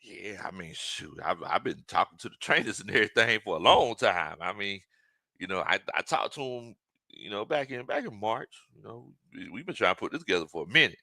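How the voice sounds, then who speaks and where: A man with a bright, ringing voice hosts a casual sports talk show. His pitch swings widely as he jokes and mocks the players. The sound is close and dry. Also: no echo. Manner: animated, joking, mimics players in quoted asides.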